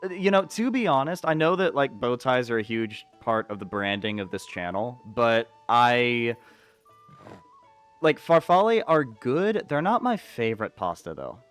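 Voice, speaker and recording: A man streaming a video game, chatting and rambling casually with excitable outbursts. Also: medium pitch, measured pace, clean tone, faint music behind. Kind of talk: casual gameplay commentary.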